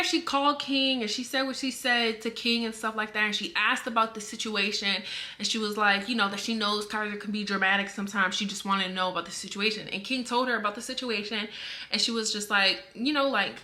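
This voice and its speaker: A woman's voice: medium pitch, steady tone, brisk, bright, forceful tone. A young woman vlogger talking casually to camera, defending herself in a rambling way with lots of filler words.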